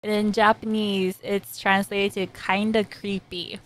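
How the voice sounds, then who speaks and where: A woman giving casual, excitable reaction commentary as an anime reviewer, often laughing. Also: mid-range voice, measured pace. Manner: excitable, giggly.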